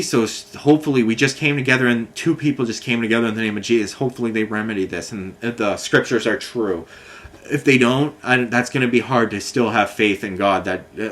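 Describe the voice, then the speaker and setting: A man's voice: medium pitch, a bit bright. A man vlogging an exasperated, swear-filled rant about bad service, repeating himself as he vents. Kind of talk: angry storytelling rant.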